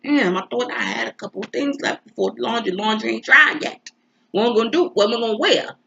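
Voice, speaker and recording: A woman's voice: a little high, quick pace, vocal fry, bright, forceful tone, lo-fi sound, a little hiss or hum. A woman, an astrology and tarot reader, talking in a rambling, emotional way with a stuffy nose from crying, throwing in rhetorical asides. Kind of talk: casual confessional vlog chat. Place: home.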